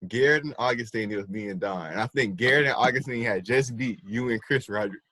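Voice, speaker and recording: A young man co-hosting a podcast, telling animated stories about school and acting out his old teachers. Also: mid-range voice, quick pace, no room sound. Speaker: podcast co-host. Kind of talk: casual chat.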